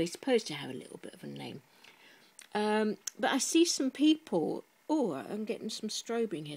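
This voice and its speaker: A woman's voice: medium pitch, gravelly, a little mellow, slightly rough, low-quality recording. A woman vlogger giving sarcastic, mock-pious commentary as she reads product reviews aloud, chatty and full of asides.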